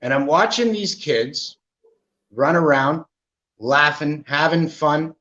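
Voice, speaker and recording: A man from Canada, a podcast guest, candidly telling his own story in an animated way, often asking "right?" as he goes. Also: a little high, slow. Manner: animated, with frequent "right?" asides. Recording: muffled lo-fi audio.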